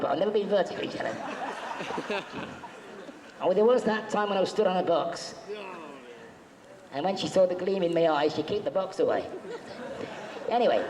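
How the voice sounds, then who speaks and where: Chatty man telling jokey stories in an echoey hall. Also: fairly high pitch. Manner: jokey, chatty, acts out quotes. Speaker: convention panel guest. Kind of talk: anecdotal storytelling to a live audience. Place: convention hall. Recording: echoey hall, faint background noise.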